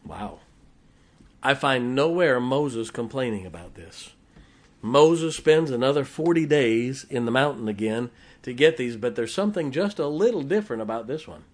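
A man preaching a sermon, swinging between quiet asides and forceful scripture reading. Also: medium pitch, animated, normal speed. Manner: folksy, emphatic, reads scripture aloud with rising force.

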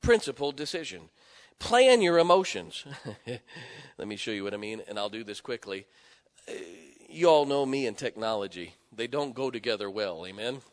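A middle-aged man preaching a sermon, telling stories with loud emphatic bursts and quiet asides. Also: on the low side, lively intonation, normal speed. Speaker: pastor. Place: church sanctuary. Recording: long hall reverb in a church.

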